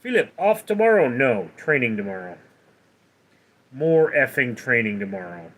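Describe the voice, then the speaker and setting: A man's voice: mid-range voice, wildly swooping pitch, a little slow, fairly bright tone. A man hosting a casual livestream who reads viewers' chat questions aloud and answers them. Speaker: livestream host.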